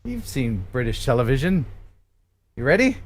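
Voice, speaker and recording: American man, quiz host, animated pitch, playful live-stream chat. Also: normal speed. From United States. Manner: lively, laughing quizmaster.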